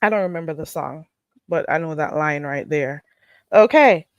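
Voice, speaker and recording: A woman hosting a casual livestream while getting sick, animated and dropping into patois, swearing and laughing freely. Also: sits low, unhurried, no echo, muffled recording. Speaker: livestream host.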